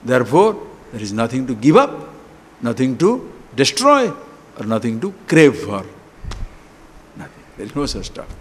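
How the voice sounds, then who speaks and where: A man giving a spiritual discourse, animated and full of rhetorical questions. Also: mid-range voice, normal speed, pauses often, husky. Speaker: spiritual teacher. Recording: long hall reverb.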